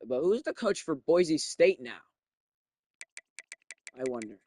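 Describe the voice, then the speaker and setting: A young man giving casual, profane commentary while playing a video game, thinking out loud and getting excited. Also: a little high, slow, dry recording. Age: young adult.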